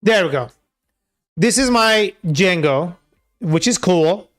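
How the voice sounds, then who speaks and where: A man's voice: high-pitched, lively intonation, slow pace, a bit bright. A man talking loosely through a live coding session, with many filler words and casual swearing. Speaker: software developer streaming his coding work.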